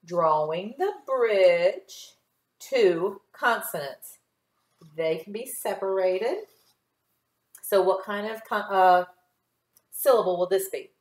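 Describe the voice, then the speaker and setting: A woman teaching a recorded phonics lesson to children, patient and encouraging, stretching words out slowly and clearly as she models them. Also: mid-range voice, lively intonation. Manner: slow, clear enunciation with drawn-out model words. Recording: echoey room.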